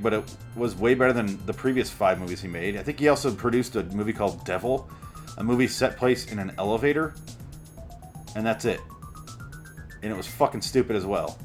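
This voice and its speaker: A man ranting casually about movies in a sarcastic, profane monologue, recorded at home. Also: mid-range voice. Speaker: author reading and commenting on his book.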